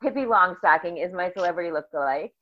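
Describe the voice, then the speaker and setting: Bubbly low-voiced woman telling stories. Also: fast. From Northern New Jersey. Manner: bubbly, animated storyteller who acts out quotes. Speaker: podcast guest. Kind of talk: casual storytelling interview. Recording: slightly dull lo-fi audio.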